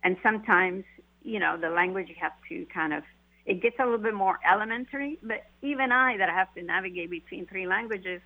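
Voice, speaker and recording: A woman's voice: mid-range voice, brisk. A woman who is not a native English speaker, with a light foreign accent, telling stories earnestly in a casual chat. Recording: tinny phone line.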